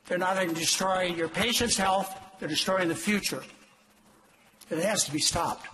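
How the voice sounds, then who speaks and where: An older man, a doctor, lecturing an audience in an emphatic, exhortative way with sudden leaps in pitch. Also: moderate pace, pushed and bright, slight background noise, low-quality recording. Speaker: doctor giving a talk.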